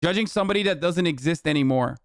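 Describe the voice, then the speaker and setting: A man's voice: a little high, lively intonation, fast, dry recording. A man in his thirties ranting on a livestream, heated, profane and sarcastic, speaking into a close studio mic. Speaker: streamer.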